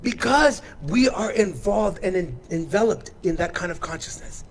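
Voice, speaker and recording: A man's voice: high voice, animated, normal speed, a little hiss or hum. A man speaking with heartfelt earnestness as he shares an inspirational talk at a spiritual center service. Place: outdoors.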